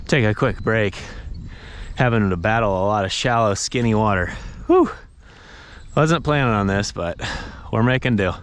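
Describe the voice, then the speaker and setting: A young man narrating his fishing trip outdoors on a river, tired from paddling, bursting into excited exclamations and talking to the fish. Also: on the low side, measured pace, pauses often, clear, resonant tone, no echo. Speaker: fishing vlogger. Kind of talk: casual narration while fishing. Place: outdoors on a river, in a kayak and wading.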